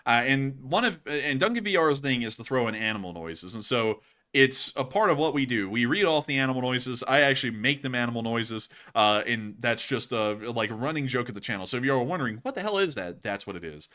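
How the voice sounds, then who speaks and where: Animated male livestream host. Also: medium pitch, fairly quick. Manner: animated and jokey, lots of fillers. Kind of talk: casual livestream chat, reading viewer donations.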